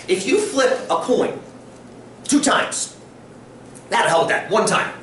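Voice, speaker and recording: Man, high voice, statistics teacher, quizzing class, echoey room, distant mic. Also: slow pace, slight background noise. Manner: lively, quizzing students often. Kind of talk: classroom lecture. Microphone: distant room recording.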